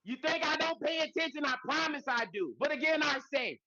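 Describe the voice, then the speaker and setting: Very high, bright, hyped-up male podcaster. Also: lively intonation, brisk, lo-fi sound. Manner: hyped, loud hype-man intros; profane, slangy banter. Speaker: podcast co-host. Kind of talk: casual podcast chat.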